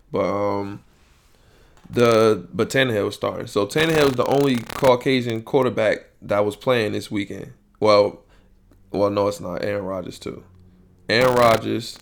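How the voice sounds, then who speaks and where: Gravelly, rambling podcast host. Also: male voice, medium pitch, slight background noise. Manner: rambling, animated, swears, repeats himself. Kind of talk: casual sports talk.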